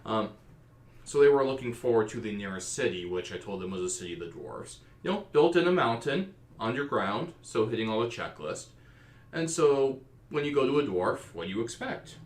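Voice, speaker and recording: A man hosting a podcast and recounting tabletop campaigns he ran as game master in animated storytelling. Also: mid-range voice, normal speed. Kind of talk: casual podcast discussion. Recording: roomy echo.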